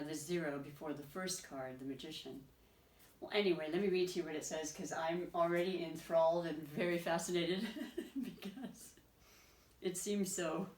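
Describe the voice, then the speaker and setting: A woman's voice: fairly low pitch, a little mellow, roomy sound. A woman doing a casual, effusive tarot reading, rambling and restarting as she reads the cards aloud. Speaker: tarot reader.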